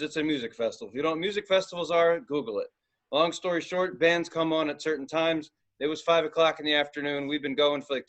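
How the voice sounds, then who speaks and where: A man's voice: fairly high pitch, a bit bright. A man co-hosting a casual podcast chat, joking and laid-back as he tells stories. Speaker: podcast co-host.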